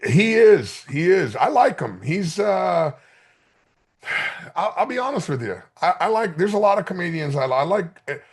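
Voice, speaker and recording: A man's voice: high voice, a little slow, slightly rough. A man in his fifties hosting a podcast, chatting casually with friends and telling stories in a profane, joking way. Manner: profane, joking, animated storyteller. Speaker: podcast host.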